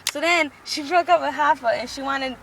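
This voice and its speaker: A woman with a high, light voice tells a story in a loose, rambling chat, stacking fillers as she hurries through it. A faint hum of a vehicle sits under her voice. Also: moderate pace, fairly bright tone, rough recording. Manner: rambling, breathless retelling with many fillers. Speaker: storyteller recapping a show. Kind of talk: casual chat.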